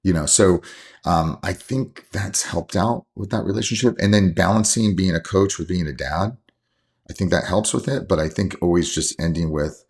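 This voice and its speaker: Low gravelly man, husky voice. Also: normal speed, darkish tone. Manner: earnest, heartfelt, rambling with restarts. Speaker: coach and father, podcast guest. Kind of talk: casual interview conversation.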